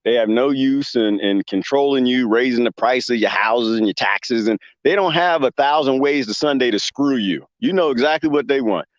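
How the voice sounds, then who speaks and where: A man's voice: mid-range voice, moderate pace, few pauses, no echo. A man hosting a casual live stream, rambling and joking, laughing often and reacting to chat. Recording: dull lo-fi dry mic.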